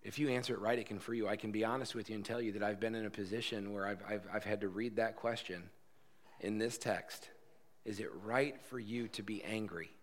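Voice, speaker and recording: A man preaching a sermon in church, earnest and repeating his key phrases, growing loud and lively when he jokes with the congregation. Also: fairly low pitch, quick pace. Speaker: pastor.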